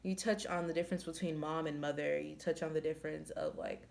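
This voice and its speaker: A woman's voice: low voice, steady tone, a little fast, creaky, a little mellow. A woman reviewing a book in casual chat, retelling the plot in a blunt, profane, exasperated way.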